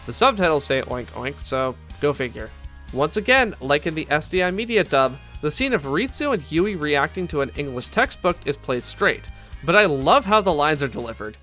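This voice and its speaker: Bright-voiced man narrating a video essay. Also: a little high, very animated, moderate pace, faint music behind. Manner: enthusiastic, candid fan commentary with asides. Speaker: YouTube anime commentator.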